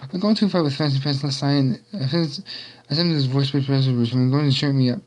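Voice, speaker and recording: A man's voice: mid-range voice, brisk, a little mellow, pitched above the performer's own voice, lightly acted, poor audio. A man voicing a prim, dramatic female pony with showy, refined manners. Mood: breezy.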